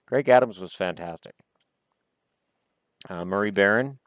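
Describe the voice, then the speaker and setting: A Canadian man in his thirties talks casually about hockey, reading bits aloud and cutting in with dry, sarcastic comments. His voice sits low and sounds smooth and resonant. The recording is close and dry, with no room sound. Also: steady tone, normal speed, dry recording. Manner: sarcastic, adds snide asides to what he reads. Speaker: hockey vlog host.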